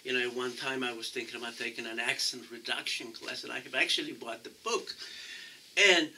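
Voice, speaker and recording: Accented guy, lots of restarts and fillers, sharp bright voice, sounds off-mic in a room. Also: mid-range voice, fairly even intonation, vocal fry, distant mic, slight background noise, rough recording. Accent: non-native English accent. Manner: halting, many restarts and fillers. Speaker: council candidate. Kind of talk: interview answers.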